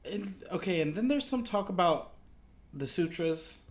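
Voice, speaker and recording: A man's voice: high-pitched, measured pace. A man co-hosting a podcast, chatting casually about a TV drama, often agreeing with his partner and correcting details. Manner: relaxed, chimes in with agreement and corrections. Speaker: podcast co-host. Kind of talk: casual chat recapping a TV drama.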